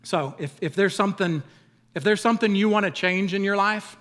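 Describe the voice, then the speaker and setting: A middle-aged man delivers a Sunday sermon in an easygoing, chatty way, dropping jokes and asides between passages of scripture. His voice sits a little higher than most men's. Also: brisk, a bit bright. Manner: conversational preaching with humor and asides. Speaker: pastor.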